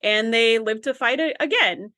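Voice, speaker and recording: A woman's voice: fairly high pitch, moderate pace, pushed and bright, dry recording. Earnest woman podcast co-host, dry sound. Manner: earnest, thoughtful, enthusiastic. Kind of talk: casual chat about a TV episode.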